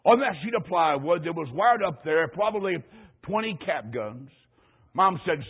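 A middle-aged man preaching in a folksy storytelling way, his voice pitched high and husky. He hammers key phrases by repeating them. The sound is thin and tinny, like an old radio broadcast. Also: expressive, moderate pace. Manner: folksy storytelling with emphatic repetition. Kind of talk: sermon.

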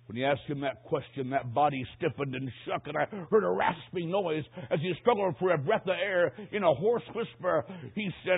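Male preacher, dramatic sermon, hushed-to-loud delivery, husky voice, phone-like recording. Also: fairly high pitch, a little fast.

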